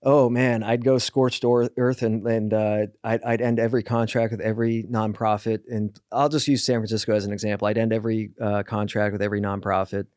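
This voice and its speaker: A man talking as a podcast guest, telling blunt, animated stories with lots of fillers and restarts. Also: lowish voice, brisk, few pauses, clear, resonant tone, no echo, studio quality. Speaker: guest, author. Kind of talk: casual podcast conversation.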